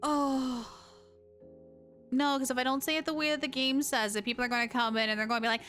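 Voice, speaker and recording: A young woman streaming a video game, commenting casually, excitable and ranting, with lots of laughing and shrieking. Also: high voice, fast talker, clear, resonant tone, soft background music.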